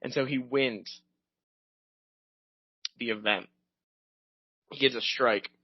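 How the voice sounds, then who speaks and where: A young man co-hosts a podcast in a loose, rambling chat full of fillers. His voice sits at an ordinary pitch. The recording is dull and dry, close to the mic with no room. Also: fairly even intonation, slow pace, husky, dry recording. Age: young adult. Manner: rambling, tangent-prone, many fillers. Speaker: podcast co-host. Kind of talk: casual chat.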